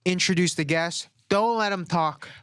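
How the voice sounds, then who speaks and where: A man's voice: sits high, normal speed, fairly bright tone, clean tone, dry recording, studio quality. Joking young man co-hosting a podcast. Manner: jokey, loose, swearing. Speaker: podcast co-host. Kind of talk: casual comedic chat.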